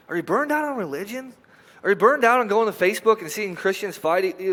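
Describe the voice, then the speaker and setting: Young male pastor, high voice, animated conversational sermon, long church-hall reverb. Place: church sanctuary.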